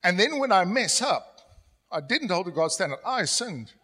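A middle-aged man preaching a sermon as pastor, telling stories and dropping to a soft, confessional tone when he quotes himself. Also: high-pitched, very animated, moderate pace, husky. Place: church hall. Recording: long church hall reverb.

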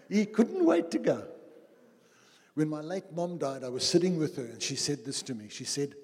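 A man preaching a sermon as pastor, dramatic, slowing for quotes and quickening in anecdotes. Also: on the high side, very animated, a little mellow. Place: church hall. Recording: husky voice in a long-reverb church hall.

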